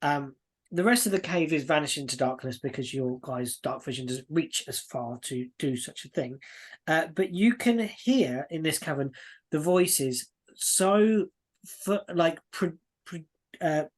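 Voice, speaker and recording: A man describing a fantasy scene as dungeon master in a tabletop game. He talks in halting bursts and restarts his words often as he sets the scene. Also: a little high, animated.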